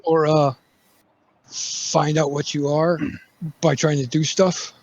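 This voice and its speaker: A man player talks slowly and bluntly at the game table, his voice pitched a bit high. His sound comes through a dull, muffled microphone. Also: little pitch movement, a little mellow. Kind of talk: casual chat at a game table.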